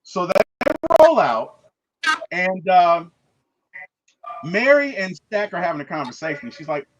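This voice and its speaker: A man hosting a casual movie review, retelling scenes in an animated way and acting out the characters' lines. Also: high voice, a little slow, long pauses, lo-fi sound, a little hiss or hum. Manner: animated storyteller, acts out quotes, frequent "right?".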